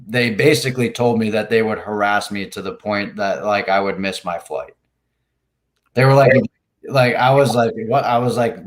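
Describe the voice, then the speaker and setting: A man, a podcast guest, telling a rambling story in casual talk, full of swearing and "like" fillers. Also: lowish voice. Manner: rambling, heavy swearing, many "like" fillers, acts out quotes.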